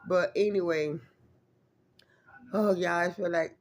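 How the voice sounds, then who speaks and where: A woman's voice: on the low side, steady tone, slow, pauses often. A woman vlogger telling a rambling, emphatic story to her viewers in a casual way, swearing freely and calling out to them as y'all.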